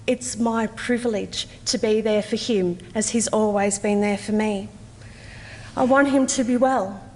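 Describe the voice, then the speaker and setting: An Australian woman in her forties gives a measured, earnest personal testimony at a conference, with slow, deliberate pauses. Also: a little high, a little mellow, long reverb tail. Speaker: conference speaker. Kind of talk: personal testimony, read aloud. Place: conference hall.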